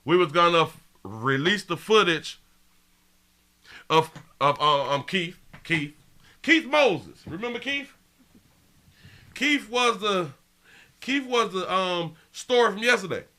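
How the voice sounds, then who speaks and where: An animated male host with a bright, sharp edge to his voice, riding up and down in pitch as he talks. He addresses his viewers loosely and directly in a live commentary show. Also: slow, pauses often.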